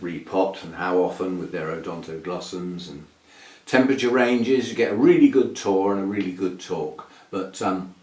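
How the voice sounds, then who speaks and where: Male host, low voice, meandering casual chat, echoey room. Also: far from the mic. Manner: rambling and chatty, with fillers and soft laughs. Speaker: orchid channel host. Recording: echoey room, voice a bit off-mic.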